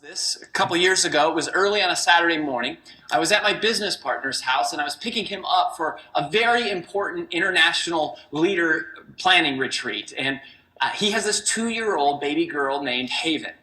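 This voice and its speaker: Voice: mid-range voice, lively intonation, fairly quick, pushed and bright. A speaker giving a motivational stage talk, opening with rhetorical questions and telling personal stories.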